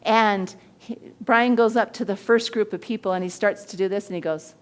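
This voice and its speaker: A woman hosting a body language show, teaching in an energetic way and acting out the people in her stories. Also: medium pitch, normal speed. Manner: animated storyteller who acts out quoted voices.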